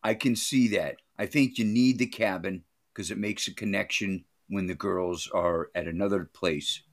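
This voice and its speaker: A man joins a casual movie review podcast as a guest. His voice sits on the low side, and he makes his points in a steady, matter-of-fact way. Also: normal speed.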